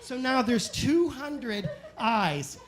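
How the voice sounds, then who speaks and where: A man telling animated, self-mocking stories as a stand-up comedian on a club stage. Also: very high-pitched, very noisy. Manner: animated, self-mocking anecdotes with quick asides. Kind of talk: stand-up storytelling.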